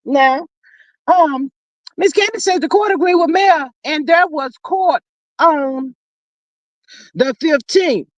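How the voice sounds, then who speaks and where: A high-pitched woman runs a chatty gossip livestream, calling out to viewers and reading their comments. She drawls slang and swings from loud shouts to soft murmurs. The sound is dry and close. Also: slow pace, long pauses, no echo, dull audio. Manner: drawling Southern slang, says child a lot, reads comments aloud; swings between loud calls and low murmurs. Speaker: livestream host reading chat. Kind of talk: casual gossip livestream chat.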